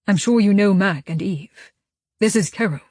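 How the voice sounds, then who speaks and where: Firm, measured male leader, read by a woman, husky and dry. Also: mid-range voice, darkish tone, no room sound, natural voice.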